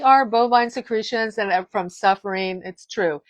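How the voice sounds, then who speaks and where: A woman's voice: medium pitch, normal speed, hardly any pauses, no room sound. A woman in her fifties giving a casual direct-to-camera monologue as a wellness vlogger, emphatic, firm and blunt, often restarting her sentences.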